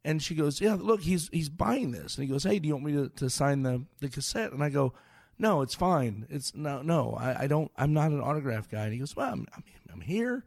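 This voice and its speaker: A man's voice: a little high, fairly quick, gravelly, a little mellow, no room sound, clean studio sound. A comedian in his forties telling a story on a podcast, acting out the dialogue with lots of energy. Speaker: comedian guest.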